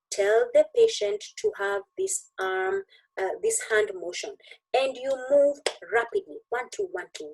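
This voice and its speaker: A woman teaches an online exam-review lesson in a very high voice that swings widely as she talks. She jokes with her students and acts out each test as she goes. Her voice comes through a computer mic on a video call. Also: vocal fry, low-quality recording. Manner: animated, joking, demonstrative teaching. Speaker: exam tutor and doctor.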